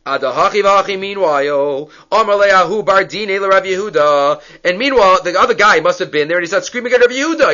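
Talmud teacher, man, high bright voice, animated, dull lo-fi recording. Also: fairly quick, few pauses. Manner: animated, acts out the dialogue. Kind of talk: Talmud class lecture.

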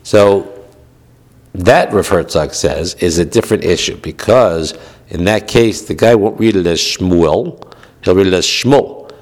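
A man with a notably low voice explains a point of Jewish law in a study lecture. He talks it through patiently, circling back and checking in with his listener as he goes. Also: moderate pace, darkish tone. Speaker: rabbi teaching Jewish law.

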